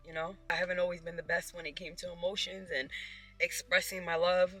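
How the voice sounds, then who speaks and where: A man's voice: high-pitched, monotone, a little fast, sharp tone, soft background music. A male vlogger talking openly and emotionally to his viewers in a personal video. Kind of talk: personal vlog talk to camera.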